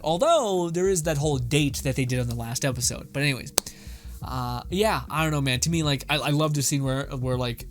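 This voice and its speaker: A man hosting a casual anime reaction talk, animated and gushing, swearing often. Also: a little high. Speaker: anime commentary host.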